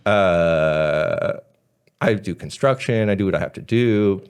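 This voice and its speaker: A man's voice: sits low, slow pace, smooth. A man in his thirties, a podcast guest, telling wild stories in a casual, profane way, with lots of "like". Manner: animated, profane, says "like" a lot. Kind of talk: casual storytelling chat.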